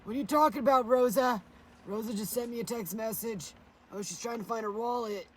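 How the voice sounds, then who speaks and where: Rambling, profane high-voiced woman. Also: brisk, slight background noise. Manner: rambling, profane, laughs often. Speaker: livestreamer. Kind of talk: rambling livestream chat.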